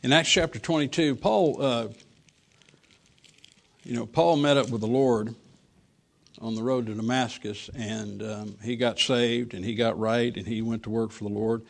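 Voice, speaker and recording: A man preaches a sermon in a gravelly voice of middle pitch. He reads old-style scripture verses slowly and deliberately. Between readings he talks plainly, with fillers and restarts. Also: fairly even intonation.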